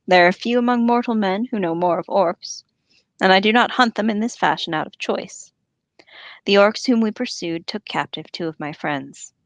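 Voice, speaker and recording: A woman's voice: mid-range voice, dry recording, lightly acted. A woman reading as a stern proud warrior king. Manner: solemn, slow dramatic reading.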